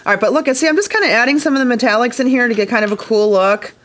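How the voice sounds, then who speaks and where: Racing along with lively intonation in a voice on the high side, a woman demonstrates glass fusing in a casual hands-on tutorial. She's chatty and enthusiastic, addressing viewers directly from a studio workshop.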